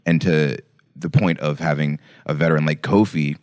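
Low-voiced male co-host, loose storyteller who acts out quotes. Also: steady tone, moderate pace, darkish tone. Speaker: podcast co-host. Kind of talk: casual chat.

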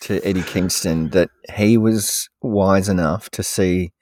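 A male podcast co-host with a lowish voice, recorded dry and close. He talks in a halting, hesitant way, restarting often in relaxed chat. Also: no room sound. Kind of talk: casual chat.

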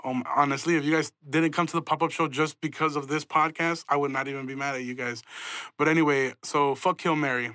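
A man's voice: fairly high pitch, fairly even intonation, fairly quick, sharp tone, dry recording, clean studio sound. A young man hosting a podcast, telling stories in a profane, self-mocking, casual way and laughing often. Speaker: podcast host. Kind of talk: casual storytelling.

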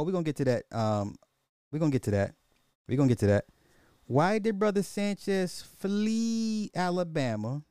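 A man's voice: mid-range voice, warm tone, no room sound, studio quality. A man hosting a casual social commentary podcast, repeating rhetorical questions in a mocking tone and chuckling now and then. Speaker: podcast host.

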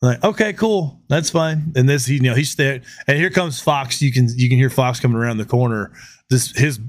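Dry-miked man telling lively stories. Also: mid-range voice, a little fast, no echo. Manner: animated storyteller, acts out quotes. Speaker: podcast host. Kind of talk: casual podcast chat.

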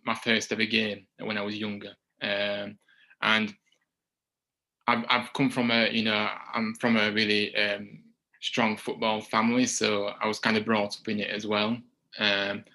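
Hesitant Yorkshire man, bright voice. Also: fairly low pitch, level tone, unhurried, poor audio. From Huddersfield, England. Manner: hesitant, stumbles and repeats words. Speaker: guest, supporters group founder. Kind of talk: casual podcast interview.

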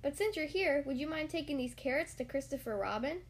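A woman's voice: sits high, lively intonation, a little fast, a little hiss or hum. A woman voicing a fussy, bossy male rabbit who grumbles, in a storybook reading. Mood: grumbling.

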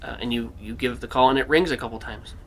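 A young man running a tabletop game as game master, relaxed with lots of fillers and restarts. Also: mid-range voice, quick pace, soft background music.

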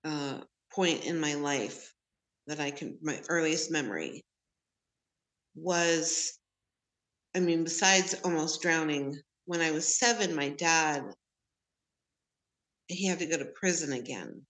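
A woman with a lowish voice recounts her story slowly and openly. She takes her time and lets the odd laugh slip in as she talks with an interviewer over a remote connection. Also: fairly bright tone. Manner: candid, unhurried storytelling with laughs. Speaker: podcast guest, medium.

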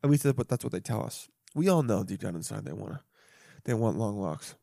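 A young man hosting a solo podcast, chatting casually and profanely, jumping between loud bursts and muttered asides. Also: fairly low pitch, expressive, a little fast, gravelly, no room sound, studio quality. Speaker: podcast host. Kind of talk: rambling solo podcast chat.

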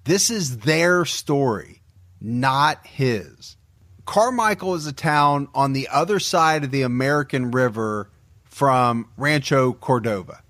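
A man hosting a podcast, giving a measured, grave, scripted true-crime narration into a close studio mic. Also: medium pitch, expressive, fairly bright tone, no room sound. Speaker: podcast host.

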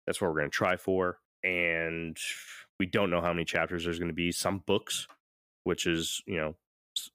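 A man's voice: deep voice, flat delivery, normal speed, bright, forceful tone, clear, resonant tone, no room sound, clean studio sound. A man hosting a podcast in casual chat, rambling and often laughing. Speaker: podcast host.

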